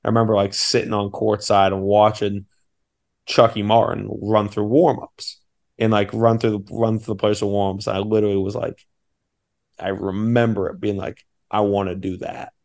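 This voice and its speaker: A man's voice: on the low side, level tone, normal speed, gravelly, darkish tone. A man in his thirties from Maine, an assistant basketball coach telling an eager, rambling story on a podcast. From Maine, USA. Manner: eager, rambling, many restarts.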